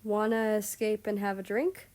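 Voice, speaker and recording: A woman's voice: medium pitch, steady tone, moderate pace, natural voice. A woman voicing a charming young male prince in a storybook reading, speaking playfully. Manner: warm, playful, chuckling.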